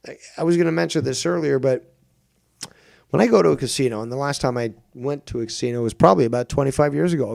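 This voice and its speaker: Fel scheldende streamer, droge opname. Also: male voice, medium pitch, vocal fry, a little mellow, no echo, studio quality. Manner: profane, exasperated, mocks others in whiny put-on quotes. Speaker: streamer and show host. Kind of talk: ranting live-stream commentary.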